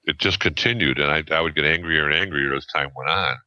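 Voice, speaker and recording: A man in his seventies, a podcast guest, telling a story in a rambling, halting way with many restarts and fillers, on a dull lo-fi recording. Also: very deep voice, bright, forceful tone, dry recording. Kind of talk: casual storytelling. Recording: dull lo-fi sound.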